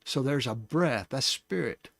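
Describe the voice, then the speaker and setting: A man of middle pitch teaches a Bible lesson at an easy, slow pace. He thinks aloud, restarts phrases and laughs softly at his own slips. The recording is close and dry, with no room sound. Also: expressive, vocal fry, no room sound. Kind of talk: casual scripture teaching.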